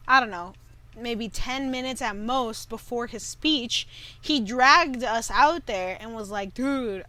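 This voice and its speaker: A woman's voice: on the high side, sharp tone, no echo. A young woman in casual podcast chat, teasing and exasperated with her friends. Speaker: podcast co-host.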